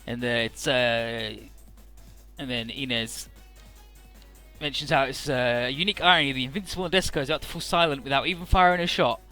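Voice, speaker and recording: A man's voice: mid-range voice, steady tone, fairly quick, sharp tone, faint music behind. A man casually recapping a video game's story in a rambling, irreverent way with lots of fillers. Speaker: let's play narrator. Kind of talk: casual game recap narration.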